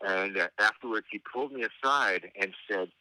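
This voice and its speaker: A middle-aged man tells stories in a loose, halting ramble, full of dry, wry asides. His voice sits fairly low but rings very bright and forceful. The sound is dry, with no room in it. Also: dry recording, low-quality recording. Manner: meandering, halting delivery with frequent hesitations. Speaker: interview guest. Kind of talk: casual anecdotal storytelling.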